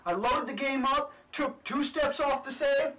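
A man's voice: very high-pitched, measured pace, pushed and bright. A man on a casual podcast, telling a story with lots of swearing and acted-out quotes. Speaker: podcast panelist. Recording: distant mic with faint noise.

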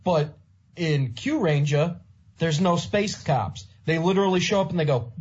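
A man with a slightly high, husky voice rattles through a story in casual podcast chat, swearing as he goes. The audio is dull and lo-fi. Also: animated, a little mellow. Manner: fast, profane, recounting show plots.

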